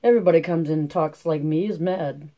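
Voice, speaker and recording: A man's voice: fairly high pitch, brisk, mellow, lightly acted. A man voicing a weary, stern poor farm mother, speaking in a rural drawl. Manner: rural drawl, firm but tired.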